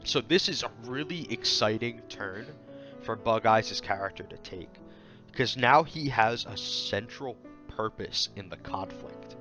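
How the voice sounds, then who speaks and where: A man's voice: lowish voice, a little slow, faint music behind. A man reviewing a manga chapter in a casual commentary video, thinking aloud with fillers and acting out the characters' lines as he quotes them. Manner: loose, thinking aloud, fillers, quoting characters in lively voices.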